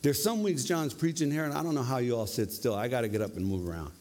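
A male preacher giving a lively, conversational sermon, often tagging his points with questions. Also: medium pitch, fast. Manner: conversational, animated, tag questions. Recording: long reverb of a hall.

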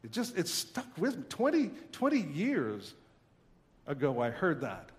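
A man in his thirties preaching a sermon as pastor, earnest and emphatic with pauses, in a large church. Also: a little high, huge pitch swings, big-room sound.

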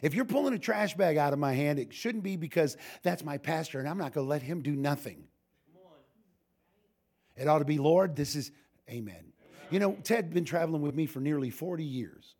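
A man's voice: fairly high pitch, animated, fairly quick, darkish tone, husky. An older man, a pastor, giving an informal sermon full of humorous stories, folksy and joking, with frequent restarts.

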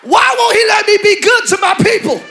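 A man's voice: very high voice, a little fast, creaky, sharp tone, raised voice, some chatter behind, voice pushed up, exaggerated voice. A man voicing God as a deity pleading with a stubborn man, using an emphatic preaching cadence with rhetorical questions.

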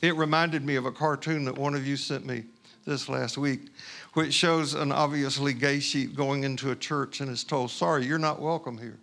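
A male pastor from Houston, Texas telling a personal story in a sermon, conversational and halting with asides. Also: medium pitch, little pitch movement, gravelly, a bit bright.

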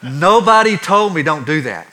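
A man preaching a sermon, telling personal stories in an animated way, swinging between quiet and loud. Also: a little high, normal speed, noisy background. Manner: animated, acts out stories with shifting loudness. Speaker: pastor.

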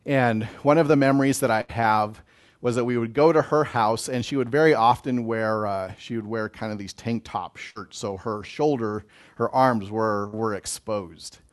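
A man giving a gentle, emotional pastoral talk on blessing, speaking to listeners as a chaplain. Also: mid-range voice, moderate pace. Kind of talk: reflective spiritual talk.

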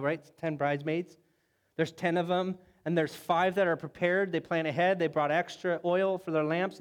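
A man preaching a sermon, telling Bible stories in an animated way and acting out the voices of the people in them. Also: on the high side. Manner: animated storytelling, acts out biblical voices. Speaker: pastor.

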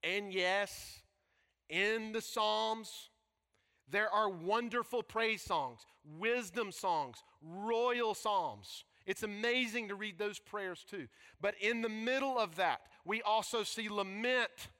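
Male pastor, sermon, emphatic delivery, shouts and hushed moments, long reverb of a big church hall. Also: high voice, slow pace, clean tone. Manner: emphatic, swings from shouting to near whisper.

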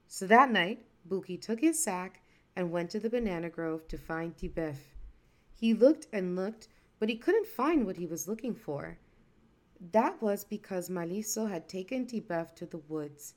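A woman narrating a folktale in a lively, expressive storytelling voice. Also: medium pitch, measured pace.

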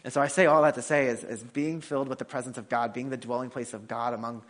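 Male preacher, mid pitch, rapid, chatty sermon full of restarts and fillers. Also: fairly even intonation. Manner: casual, fast, frequent restarts and fillers. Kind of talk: conversational sermon with personal story.

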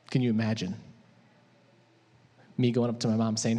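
A man preaching a sermon in a conversational, animated way, asking his audience questions. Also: mid-range voice, fairly quick, pauses often. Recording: echoey hall.

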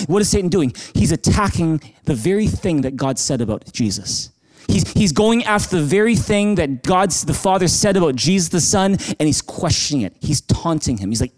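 Pastor guy preaching, pretty high voice for a man, chatty and emphatic, repeats himself a lot. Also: animated, moderate pace, darkish tone. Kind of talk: sermon.

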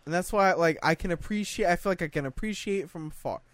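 A man's voice: sits high, fast, no room sound. A man in casual chat who hesitates and restarts often, with a wry tone.

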